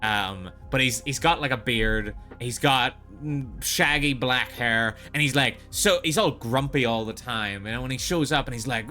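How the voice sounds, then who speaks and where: A man's voice: medium pitch, normal speed, few pauses, pushed and bright, faint music behind. A male streamer in casual live-stream chat, rambling and opinionated with frequent swearing.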